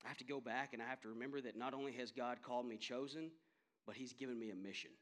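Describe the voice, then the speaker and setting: A man's voice: mid-range voice, fairly even intonation, fast talker, fairly bright tone. A man in his thirties, a pastor, preaching a sermon with impassioned emphasis that builds to strong peaks. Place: church sanctuary.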